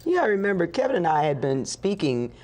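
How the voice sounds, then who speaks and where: A woman telling a story as an interview guest, animated and acting out the voices of the people in it. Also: fairly low pitch, quick pace. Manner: animated, acts out dialogue with laughs.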